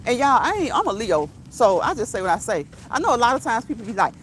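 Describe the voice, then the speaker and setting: A woman's voice: on the high side, big pitch swings, fast, hardly any pauses, slight background noise. A woman hosting a casual walk-and-talk livestream outdoors on her phone, blunt and repetitive, dropping slang and laughing often. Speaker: channel host.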